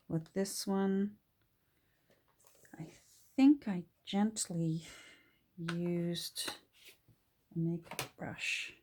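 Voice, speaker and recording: A woman's voice: lowish voice, vocal fry, darkish tone, slight background noise. A woman from Canada with a Canadian accent, chatting casually and musing aloud to herself while she works on a craft project. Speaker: junk journal crafter.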